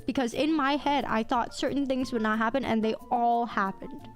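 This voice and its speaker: A young woman streamer telling stories in casual chat, animated, laughing often and swearing casually. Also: on the high side, normal speed, faint music behind.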